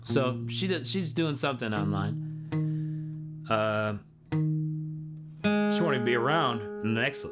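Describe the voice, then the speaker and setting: A man's voice: medium pitch, expressive, slow pace, long pauses, loud music behind the voice. A man who is a singer hosting a live stream, chatting casually with viewers in a laid-back, chatty way and laughing often.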